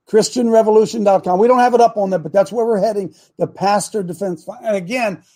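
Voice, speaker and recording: A man's voice: high-pitched, quick pace, dark tone. A middle-aged man hosting a call-in talk show, preaching and scolding his listeners in a combative way.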